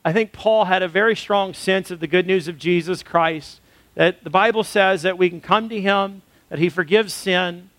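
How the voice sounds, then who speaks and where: A man's voice: sits high, normal speed, a bit bright, dry recording. A man, a pastor, preaching a sermon built around a personal story, earnest and conversational.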